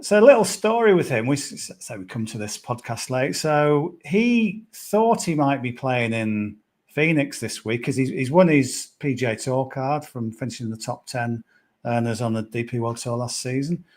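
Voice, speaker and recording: A man's voice: medium pitch, animated, normal speed, a little mellow. A man with a middling voice talks through golf tips in an easygoing podcast chat. He meanders, trails off and restarts, and pads his thoughts with fillers. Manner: rambling, hesitant, lots of "sort of" and "yeah". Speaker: golf betting pundit.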